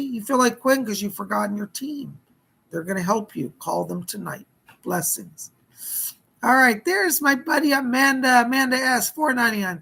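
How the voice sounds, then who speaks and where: A male psychic medium giving live-streamed readings, his hoarse voice rough and gravelly. He talks in a chatty, folksy way and thanks his viewers by name, with a husky edge under his words. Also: sits high, sharp tone, poor audio.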